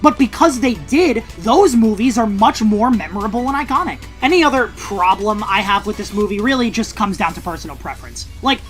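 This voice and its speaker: A woman reviewing a movie in a scripted video essay, casual and wry, with sarcastic asides and the odd swear word. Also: medium pitch. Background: faint background music.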